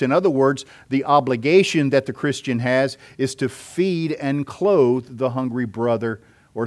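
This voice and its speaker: At a middle pitch, a male pastor preaches an expository sermon. He works through scripture point by point, occasionally pausing on small fillers while laying out his argument.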